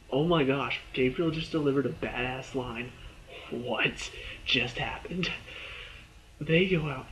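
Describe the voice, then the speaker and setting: A man giving a casual spoken review of a TV episode. He retells the scenes in an excited rush, with lots of fillers. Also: mid-range voice, low-quality recording.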